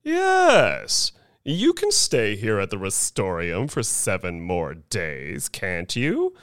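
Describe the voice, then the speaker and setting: Casting: man playing an oily, serene showman, slow and silky, storybook reading. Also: lowish voice, wildly swooping pitch, a bit bright, clear, resonant tone, no echo, clean studio sound, exaggerated voice. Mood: soothing. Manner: oily, soothing, drawn-out. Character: smooth serene male con-man showman.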